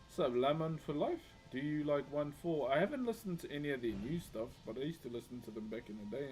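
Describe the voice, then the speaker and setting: Soft music plays behind a New Zealand man who talks fast and expressively in a fairly high, slightly mellow voice. He's live streaming his wood carving, chatting in a laid-back way and calling his viewers bro.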